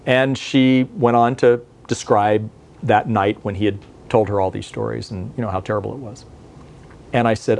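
A man's voice: on the low side, fairly even intonation, normal speed, gravelly, a little mellow, a little hiss or hum. Conversational male pastor preaching. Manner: conversational storytelling with rhetorical questions. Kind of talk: televised sermon. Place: studio.

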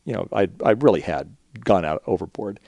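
A middle-aged man hosting a radio show, telling a candid personal story in relaxed conversation. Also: low voice, gravelly, no room sound. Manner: candid, storytelling, quick-paced.

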